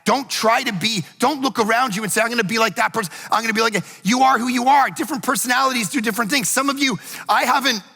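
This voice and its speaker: A man in middle age delivers a chatty, story-driven sermon in a high, bright voice with a gravelly edge. He slips into little acted asides as he goes. The sound carries the long reverb of a church hall. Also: fast. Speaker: pastor. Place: church sanctuary.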